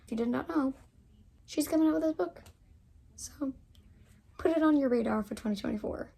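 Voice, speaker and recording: A woman's voice: sits high, fairly quick, gravelly, mellow. A young woman in her twenties chatting casually to camera as a book vlogger, gushing and full of fillers.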